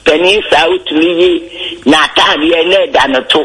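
A man calling in to a radio show, speaking with hesitant, halting starts. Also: fairly high pitch, pushed and bright, poor audio. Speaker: caller. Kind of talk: call-in radio chat.

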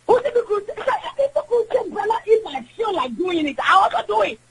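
A woman's voice: very high voice, big pitch swings, fast, slight background noise, low-quality recording. A woman calling in to a radio show, talking emphatically and in a preachy way while mixing languages. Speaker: radio caller. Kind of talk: call-in opinion talk.

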